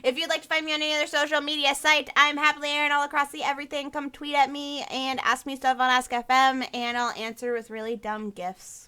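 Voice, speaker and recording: A woman hosting a podcast in casual chat, bubbly and quick to laugh. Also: sits high, level tone, bright, forceful tone. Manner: bubbly, laughing often, squealing cheers. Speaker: podcast host.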